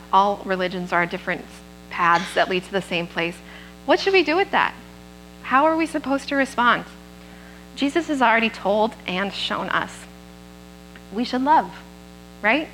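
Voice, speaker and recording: A woman's voice: medium pitch, fairly bright tone, slight background noise, rough recording. Woman preaching in a plain, conversational way. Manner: plainspoken, often checks in with the congregation. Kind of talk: conversational sermon. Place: church service. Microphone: microphone.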